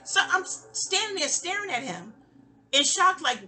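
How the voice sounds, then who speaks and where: Bright-voiced rambling New woman. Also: medium pitch, normal speed. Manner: rambling, stammering restarts, animated quoted asides. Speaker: storyteller. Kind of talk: casual audio-diary storytelling.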